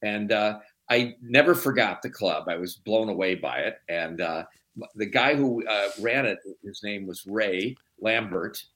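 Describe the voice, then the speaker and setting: A man from Chicago, a documentary producer and guest, telling stories in a relaxed, rambling way. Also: lowish voice, unhurried. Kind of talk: casual interview storytelling.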